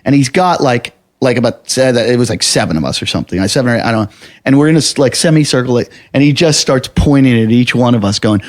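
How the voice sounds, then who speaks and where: A man's voice: medium pitch, fast talker. A man telling a long story on a casual podcast, acting out the quotes and swearing freely.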